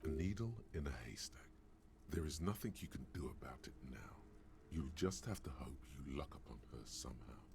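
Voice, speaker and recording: A man voicing the dry, sardonic inner-voice narrator of a detective's mind in a video game, with a deep, gravelly voice. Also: expressive, moderate pace, a little mellow, a little hiss or hum, full character voice. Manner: dry, mocking asides. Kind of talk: game voice acting.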